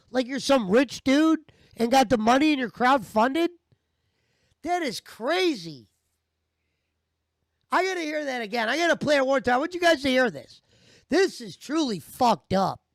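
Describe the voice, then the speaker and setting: A man's voice: extremely high pitch, no room sound, clean studio sound. A man giving heated, profane, mocking commentary over stream clips. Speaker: commentary host.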